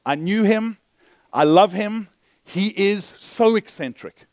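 A male pastor telling a story in a sermon, animated, swinging between loud bursts and hushed asides. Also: high-pitched, slow, no room sound.

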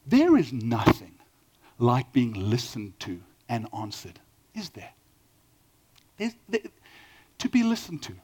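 A middle-aged man with a South African accent, preaching a sermon with lively storytelling and questions to the audience. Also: mid-range voice, slow, pauses often, husky. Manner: animated storytelling, asks the audience questions, acts out quoted dialogue. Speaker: pastor.

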